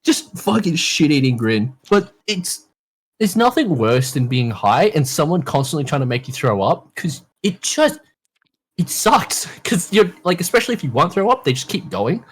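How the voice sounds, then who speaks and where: A husky, slightly high voice at a normal pace belongs to a young Australian man in his twenties guesting on a podcast. Animated as he tells stories, he swears a lot and mimics the people in them.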